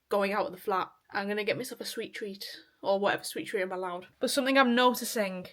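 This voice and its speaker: Chatty young woman vlogging at home. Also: medium pitch. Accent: faint Northern English. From Liverpool, England. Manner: chatty, swears casually, laughs often. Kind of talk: casual vlog chat. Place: home kitchen and flat, indoors. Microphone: handheld phone or camera.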